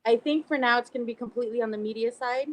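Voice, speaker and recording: A woman's voice: on the high side, rapid-fire, rough recording. Woman guest, conversational, filler-heavy, faint noise floor. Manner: relaxed, frequent "um" fillers. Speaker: podcast guest, cigar brand rep. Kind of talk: casual podcast chat.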